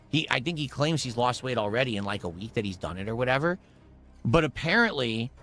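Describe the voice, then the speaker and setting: A man in casual chat, rambling through an animated story as a podcast co-host. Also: medium pitch.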